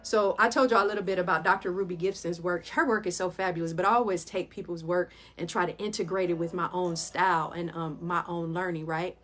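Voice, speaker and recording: A woman's voice: fairly low pitch, steady tone, fairly quick, hardly any pauses, a bit bright, faint music behind. Chatty woman guiding a mindfulness talk. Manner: chatty, addresses listeners as "y'all", laughs often. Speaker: therapist and yoga teacher. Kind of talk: casual guided mindfulness talk.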